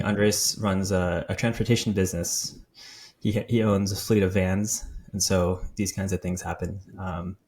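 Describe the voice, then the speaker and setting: A man hosting a casual podcast conversation, asking gentle follow-up questions and giving short affirmations. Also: lowish voice, a little hiss or hum. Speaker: podcast host.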